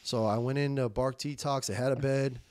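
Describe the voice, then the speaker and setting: A young adult podcast guest speaks at normal speed in a medium-pitched, slightly mellow voice with fairly even intonation, recorded dry. He gives a candid recovery story in conversation, emphatic and slangy with swearing street slang, repeating words and quoting himself.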